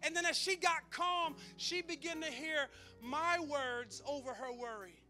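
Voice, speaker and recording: A man's voice: very high-pitched, measured pace, sharp tone, soft background music. A man preaching a sermon, telling stories with humor and calling out to his congregation. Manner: emphatic preaching with call-outs to the congregation; conversational storytelling with humor. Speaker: pastor.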